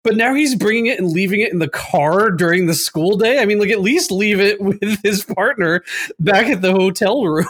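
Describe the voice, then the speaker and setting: A man recapping a movie in casual podcast chat, animated, laughing often and full of fillers. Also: sits high, moderate pace, slightly rough. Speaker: podcast co-host.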